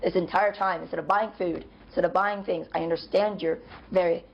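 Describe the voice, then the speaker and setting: A woman with a lowish, very gravelly voice lectures her roommate in a confrontational tone. The clip sounds dull and lo-fi, with faint noise underneath. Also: fairly even intonation, brisk. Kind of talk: heated confrontation.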